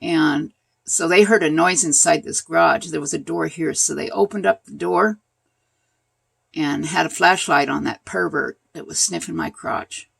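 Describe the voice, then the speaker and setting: An older woman casually telling a personal story as a vlogger, animated and laughing, pointing things out as she goes. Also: low voice, moderate pace, gravelly, slightly rough, no room sound.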